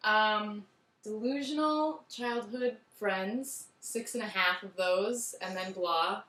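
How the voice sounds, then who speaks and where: A woman's voice: medium pitch, takes it slowly, a bit bright. A woman co-reviewing a movie in casual chat, agreeable and loose, trailing off between thoughts. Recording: roomy, distant mic.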